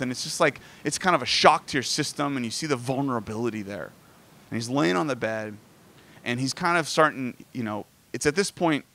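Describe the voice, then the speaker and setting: A man preaching in a casual, conversational way, telling a family story with rising emotion. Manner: conversational, animated, rises in pitch when moved. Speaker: pastor. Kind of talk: sermon storytelling. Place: outdoors near sand.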